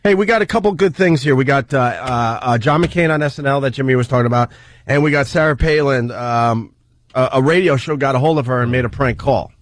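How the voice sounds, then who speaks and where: A man's voice: medium pitch, fairly quick. A man hosting a talk radio show, laughing and steering the banter.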